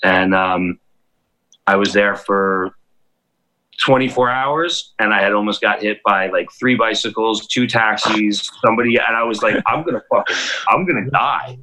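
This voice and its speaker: A man in his forties tells a rambling, profane story on a casual cannabis chat show. His voice is bright and forward, and it jumps up in pitch when he acts out the other people in the story. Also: steady tone, a little slow, poor audio. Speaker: DJ and podcast host.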